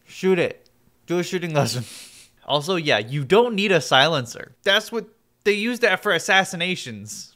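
A man's voice: sits high, big pitch swings, moderate pace, sharp tone. A man streaming live and reacting to a video in casual commentary, sarcastic and blunt, swearing freely.

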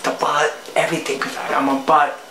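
A woman's voice: low-pitched, flat delivery, a little fast, echoey room, noisy background. A woman, a cooking show host, telling a playful story in a casual vlog monologue. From Puerto Rico.

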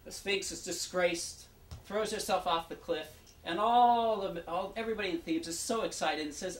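A man's voice: fairly high pitch, moderate pace. A man gives a casual, chatty pre-show introduction as an actor, retelling the backstory and speaking directly to the audience. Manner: chatty, storytelling, addresses the audience. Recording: roomy, distant, faint background hum.

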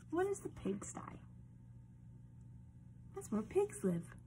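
A young woman reading a picture book aloud to children, animated and often dropping into a whisper. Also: mid-range voice, slow, long pauses, slight background noise. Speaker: storyteller.

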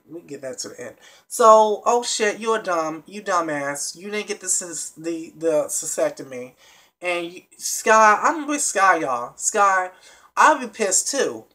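A vlogger recapping a reality TV episode in a casual, animated and blunt way, with plenty of swearing, talking straight to the viewers. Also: medium pitch. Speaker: TV show reviewer.

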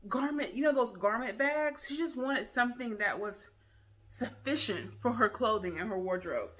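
A woman's voice: a little high, moderate pace, a bit bright. A woman hosting a casual product review vlog, chatty and enthusiastic, talking straight to her viewers.

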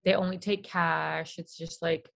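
A young woman guest on a podcast, recounting a trip in quick, animated casual chat with frequent "like". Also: on the low side, gravelly.

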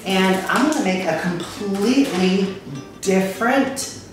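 A woman teaching a kindergarten music lesson, upbeat and encouraging, chanting words to a steady beat and calling on children to join in. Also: medium pitch, takes it slowly. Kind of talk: children's lesson, call and response. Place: kitchen. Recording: echoey room, mic far off.

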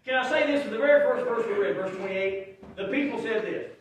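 A male pastor, preaching a folksy sermon that swells into shouted emphasis. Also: sits high, fairly quick, slight background noise. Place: church sanctuary. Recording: very echoey room, from far off.

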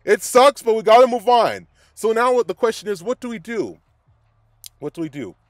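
A man's voice: very high voice, a little fast, dry recording, studio quality. A young man giving a profane, scatterbrained fan rant, angry and swearing constantly. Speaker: sports fan podcaster.

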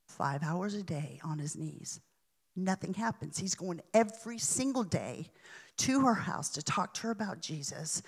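Woman preacher telling a story, slow and drawn out, low voice, drops to a hush then swells up. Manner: dramatic, with sudden hushes and swells. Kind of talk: sermon storytelling.

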